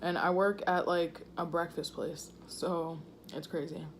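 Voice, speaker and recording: Lower-voiced woman chatting between bites. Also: fairly even intonation, a little slow, slight background noise. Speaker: mukbang vlogger. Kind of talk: casual eating chat. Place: home room indoors. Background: faint thunderstorm.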